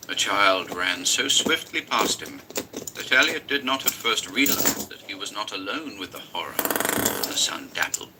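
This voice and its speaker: A man with a fairly low voice reads a horror story aloud with intense, dramatic delivery. A clear background hiss runs under his narration.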